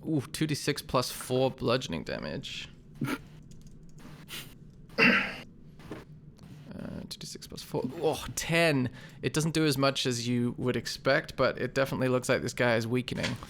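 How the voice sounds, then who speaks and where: A man running a tabletop game as game master, describing combat in a relaxed, descriptive way. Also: medium pitch, normal speed, gravelly, slight background noise.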